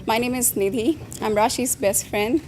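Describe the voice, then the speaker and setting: A woman's voice: fairly high pitch, a little mellow, slight background noise. Nervous Indian woman giving a wedding toast. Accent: Indian English. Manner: nervous, halting, with many restarts. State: emotional. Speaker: bride's best friend giving a toast. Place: wedding reception.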